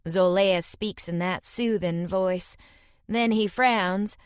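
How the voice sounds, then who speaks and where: A woman narrating a fantasy romance audiobook in first person, reading tensely and dramatically, voicing shouted dialogue. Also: medium pitch, slow, smooth, dry recording, studio quality.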